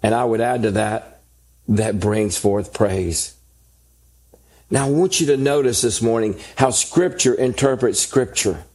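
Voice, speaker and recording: Slow, deliberate male preacher. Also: mid-range voice, a little mellow. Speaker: pastor. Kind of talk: sermon.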